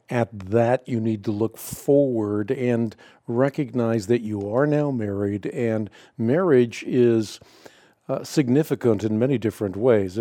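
Male radio host, warm low-key timbre, dry close mic, steady teaching manner. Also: no echo. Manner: measured, explanatory, cites scripture. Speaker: radio host answering Bible questions. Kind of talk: call-in radio answer.

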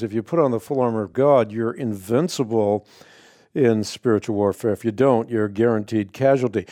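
A man's voice: mid-range voice, warm tone, dry recording, studio quality. Authoritative male radio Bible teacher. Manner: measured, authoritative explaining. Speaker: radio show host answering callers. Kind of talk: call-in Bible answer radio.

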